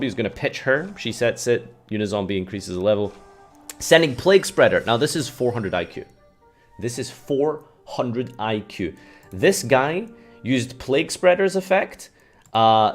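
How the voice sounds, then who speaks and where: A man hosting a casual commentary video, talking in a sarcastic, self-mocking way. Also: medium pitch. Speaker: YouTube host.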